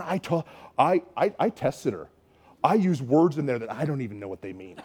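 Canadian-raised male pastor, lively sermon storyteller, acts out each quoted voice. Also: fairly high pitch.

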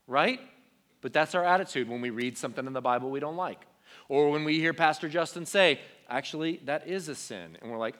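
A young man preaching a sermon to teenagers from a stage, earnest and conversational, dropping to quiet emotional tones. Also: medium pitch, animated, fairly quick. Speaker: youth pastor.

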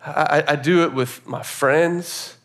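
A man's voice: on the high side, steady tone, a little slow, a bit bright. A man telling a personal story in a casual, earnest way, often saying "like" and "you know," and drawing a faith lesson from it. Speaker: speaker sharing a personal story.

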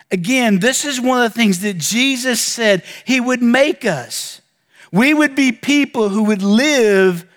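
A man preaching a sermon as pastor, earnest, with dramatic pauses and emphatic lists. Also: high voice, a bit bright, in a large hall.

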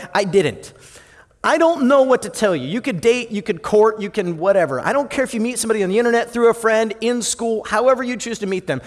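A male pastor preaching a sermon in an animated way, swinging from loud and lively to soft and low. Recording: long hall reverb.

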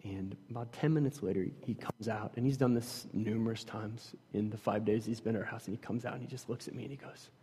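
A man with a slightly husky voice tells a long personal story about putting his kids to bed, full of fillers and restarts. He swings between loud stretches and hushed, almost whispered ones. His voice rings out with a long reverb, as if in a large hall. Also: lowish voice, steady tone, quick pace, hardly any pauses. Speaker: father telling a personal story.

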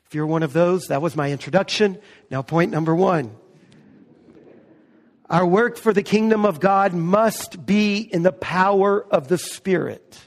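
A man preaching a sermon as pastor, stressing key words slowly and with emphasis. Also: high-pitched, long reverb tail.

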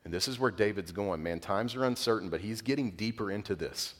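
Pastor preaching in a big hall. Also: male voice, fairly low pitch, a little fast. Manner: conversational, animated storytelling with laughs. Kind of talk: sermon. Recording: long reverb in a large hall.

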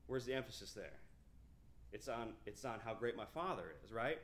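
Reading the Bible aloud with emphasis, a thirty-something pastor explains each verse conversationally and restarts often. His medium-pitched, fairly bright voice is very animated at a normal speed, with slight background noise.

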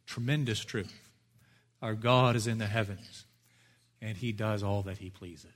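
Earnest male preacher with hushed-then-loud delivery. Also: fairly even intonation, unhurried. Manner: earnest, emphatic, repeats key lines for stress; swings between hushed low phrases and loud lifts. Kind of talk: expository sermon.

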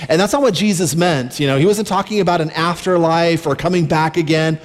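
A man preaching a sermon as a pastor, conversational and slowing down on key points. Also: sits high, animated. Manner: conversational preaching, slows down for emphasis. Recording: long reverb from a large hall. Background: faint music.

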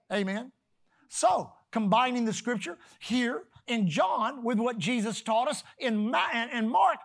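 Preacher, sermon, emphatic, loud-to-hushed swings, slow deliberate scripture reading, call-and-response. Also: mid-range voice. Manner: reads scripture slowly and deliberately; calls on the congregation to repeat words.

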